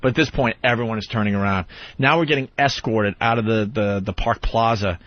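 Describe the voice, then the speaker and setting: A man co-hosting a talk radio show, telling a story in a casual, animated way and acting out the voices of the people in it. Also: on the low side, a little fast, a little hiss or hum. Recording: slightly dull, dry studio sound.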